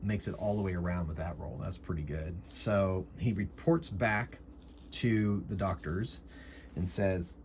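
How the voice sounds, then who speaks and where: A man's voice: sits low, measured pace, a little mellow, slight background noise. A man narrating a solo tabletop game, thinking aloud and explaining his rules casually. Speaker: game master and solo player.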